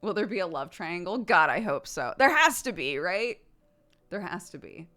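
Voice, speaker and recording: Lively low-voiced woman streamer chatting. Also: normal speed, faint music behind. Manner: animated, frequent laughter, casual swearing. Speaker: streamer answering chat. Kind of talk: casual live-stream chat.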